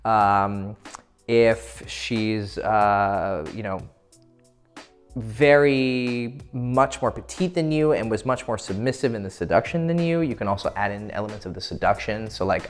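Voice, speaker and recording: A man's voice: lowish voice, unhurried, soft background music. Crude, laughing man giving dating advice. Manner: crude, profane, laughs often. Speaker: dating coach. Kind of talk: casual instructional talk.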